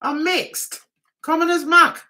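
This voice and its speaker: A woman's voice: very high-pitched, fairly even intonation, slow pace, bright, forceful tone. A middle-aged woman with a Mancunian accent, chatting casually on her livestream, giggling often and reading viewer comments aloud. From Manchester, England. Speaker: livestream host.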